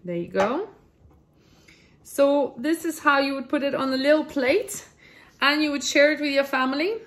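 A young woman chatting casually in a home kitchen while showing a recipe, excitable and laughing often. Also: high-pitched, moderate pace. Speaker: cooking vlogger. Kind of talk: casual cooking demonstration.

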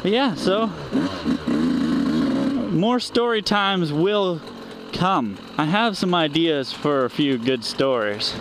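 A man's voice: a little high, animated, slow, long pauses. A man vlogging on a dirt bike in a goofy, rambling, self-mocking way, talking into a helmet mic on a forest trail. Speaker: motorcycle vlogger. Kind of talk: casual riding vlog chat. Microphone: helmet intercom mic. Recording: loud motorcycle engine noise outdoors.

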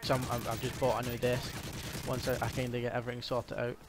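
A man's voice: medium pitch, monotone, fast talker, background noise. A young man with a Scottish accent giving casual, rambling gameplay commentary, full of ums and hesitations. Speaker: gaming commentator.

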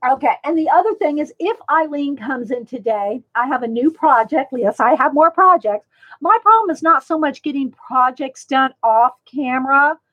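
A high-pitched woman with a drawl chats loosely through her livestream, wandering between tips and greetings to viewers by name. The sound is a little dull and lo-fi. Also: expressive, normal speed. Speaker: livestream host. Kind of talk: casual livestream chat.

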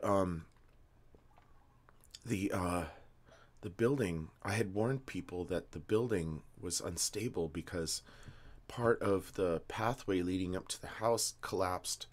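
A man in his fifties, just woken up and a bit medicated, rambling through a story with many ums and slightly slurred words. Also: low voice. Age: 50s. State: groggy and medicated, just woke up. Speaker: vlogger. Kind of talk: rambling casual monologue.

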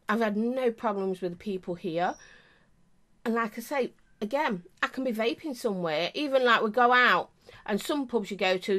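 A woman's voice: medium pitch, fairly bright tone. A middle-aged woman with an English accent, chatting casually to camera as a vape reviewer, rambling with many asides.

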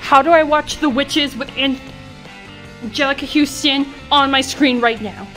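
A high-voiced woman talks to her camera in an excitable, gushing rush, piling up exclamations. She sounds like she's in a hotel room. Music plays underneath her voice. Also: moderate pace. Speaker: vlogger. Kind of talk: casual vlog chat. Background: background music.

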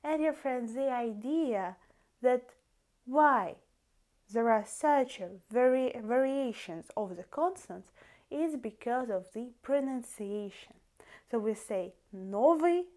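A woman with a Russian accent teaching a language lesson, calling her viewers "dear friends" and sounding out word endings slowly and carefully. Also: on the high side, darkish tone.

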